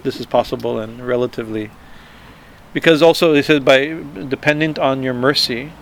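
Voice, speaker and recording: Gravelly man with a halting talk. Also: mid-range voice, slight background noise. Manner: halting, repeats words, frequent "right?" asides; chuckles while explaining. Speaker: spiritual teacher. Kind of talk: informal spiritual talk.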